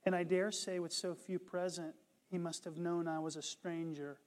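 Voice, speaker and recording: Slow high-voiced preacher in a hall. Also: male voice. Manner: slow, building to impassioned shouts. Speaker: pastor. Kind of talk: sermon.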